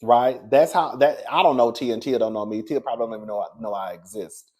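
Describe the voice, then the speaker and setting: A man talks quickly through casual celebrity gossip, sassy and chatty, addressing viewers as "girl." His tone moves between low murmurs and high bursts of excitement.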